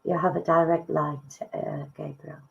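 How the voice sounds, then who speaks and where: A woman giving live psychic readings, soft and emotive, calling listeners darling. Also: deep voice, little pitch movement, moderate pace, gravelly, highs cut off. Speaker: psychic medium.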